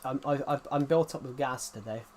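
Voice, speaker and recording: A gaming streamer chats casually to his live audience, addressing them directly as "guys" while he rambles and repeats phrases. His medium-pitched voice is fairly quick and a little mellow, with a slight hiss or hum in the audio.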